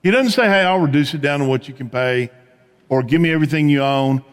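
A man preaching a sermon as pastor, telling stories in a conversational way and dropping to a hush on key points. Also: on the high side, quick pace, clear, resonant tone, in a large hall. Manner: conversational storytelling preacher, swings from animated to hushed.

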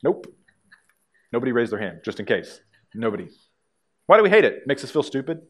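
A man's voice: mid-range voice, sing-song, brisk. A male pastor preaching a sermon to a congregation in a conversational way, with dry humor.

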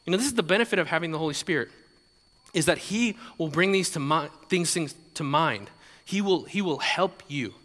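A man's voice: fairly high pitch, expressive, a little fast, fairly bright tone, in a large hall. A male pastor giving a conversational sermon, often repeating words and adding light laughs.

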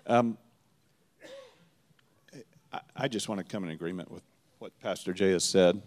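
A man's voice: low-pitched, moderate pace, a little mellow. A man speaking as a church elder, addressing the congregation with earnest encouragement. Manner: earnest and encouraging, building in intensity. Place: church sanctuary.

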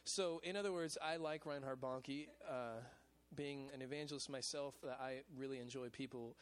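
A male pastor of a college ministry, preaching a lively sermon in a casual, chatty way at a church service. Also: mid-range voice, normal speed. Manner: casual and chatty, with repeated "man" and "you know what I'm saying".

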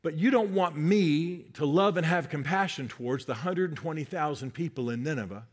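A man preaching, voicing God as a compassionate, patient speaker who talks low and soft. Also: normal speed, close to an everyday voice. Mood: gentle. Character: God, gently teasing and compassionate.

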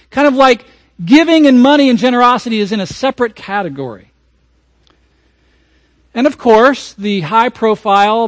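High-voiced pastor guy giving a sermon, punchy then quiet, super dry close sound. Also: no room sound. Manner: emphatic preaching, swings from raised to hushed.

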